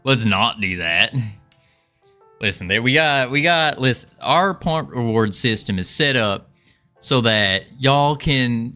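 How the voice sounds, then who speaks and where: A man's voice: medium pitch, bright, forceful tone. A man putting on a jokey Southern US accent as a folksy cowboy streamer, drawling and chuckling at himself. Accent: put-on Southern US.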